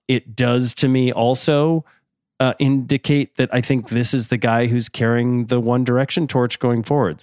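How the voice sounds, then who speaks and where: A man's voice: medium pitch, darkish tone, no echo, studio quality. Earnest man in casual podcast chat. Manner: earnest, thoughtful, easily laughing. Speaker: podcast co-host. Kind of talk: casual chat reviewing music.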